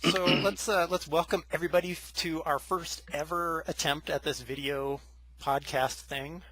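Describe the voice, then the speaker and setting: A young man hosts a casual podcast over a video call, talking in a relaxed, chatty way and often stumbling into restarts. His voice sits fairly high for a man. He speaks through a computer mic. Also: normal speed, no echo. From United States. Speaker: podcast host.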